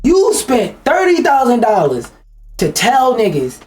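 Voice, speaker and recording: A woman's voice: a little high, huge pitch swings, unhurried, darkish tone. A woman giving a blunt, profane, ranting commentary on a show.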